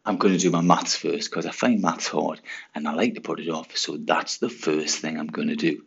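A diligent schoolboy coaching himself through his homework, as a man puts him on in his own low, gravelly voice. He speaks plainly and matter-of-factly, like he is talking to himself. The sound is dull and lo-fi. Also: fairly even intonation, moderate pace, fairly bright tone, heavily acted. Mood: self-coaching. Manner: self-talk, matter-of-fact.

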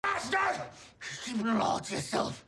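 Desperate young lighthouse hand, shouting, high cracking voice, wild pitch jumps. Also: male voice, big pitch swings, a little slow, a little hiss or hum, full character voice. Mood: furious. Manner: shouting in anger.

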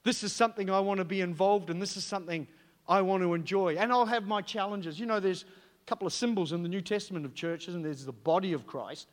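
Male preacher with a high voice, emphatic and direct, in a long-reverb hall. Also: fast. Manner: emphatic, rhetorical questions to the congregation. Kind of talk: sermon.

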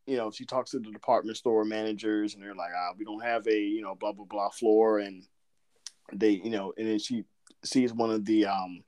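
A man from Southern Georgia with a faint Southern accent, co-hosting a podcast and telling stories in a rambling way with frequent laughter. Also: on the low side. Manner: rambling, laughs often, lively storytelling. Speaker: podcast co-host. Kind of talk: casual chat.

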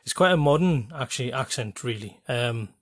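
A man with a North East English accent hosting a podcast, rambling with many pauses and restarts. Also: medium pitch, animated, no room sound, clean studio sound. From North East England. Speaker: podcast host. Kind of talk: casual monologue with a dialect reading.

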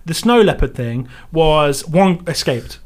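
A man co-hosting a podcast in casual chat, enthusiastic and excitable. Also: a little high, slow pace. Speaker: podcast co-host.

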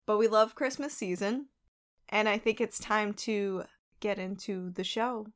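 A woman's voice: mid-range voice, fairly even intonation, a little slow. A young woman with a New York accent co-hosting a casual podcast, chatty and self-deprecating. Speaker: podcast co-host. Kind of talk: casual chat.

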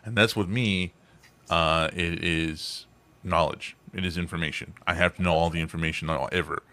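A man with a very deep, resonant voice, a voice actor chatting as a podcast guest, rambling with restarts. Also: fairly even intonation, moderate pace, bright, forceful tone. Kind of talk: casual chat.

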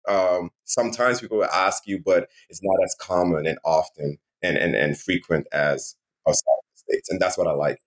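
A man from Saint Martin with a Caribbean accent, talking as a podcast guest in a relaxed, casual way with many fillers and restarts. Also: low-pitched, moderate pace, hardly any pauses. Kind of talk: casual interview chat.

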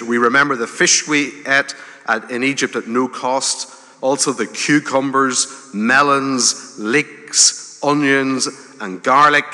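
A man in his fifties preaches in an unhurried, conversational way, letting his emphasis climb as he repeats a point. His voice is bright and forceful. A long reverb from the hall trails behind each phrase. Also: medium pitch. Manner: conversational, with gentle humor and rising emphasis. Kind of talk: sermon.

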